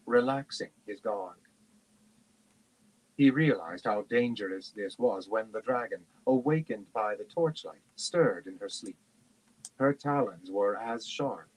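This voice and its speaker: A man reads a fantasy novel aloud at a steady, measured pace. His voice sits fairly low and sounds husky. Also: poor audio. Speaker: reader.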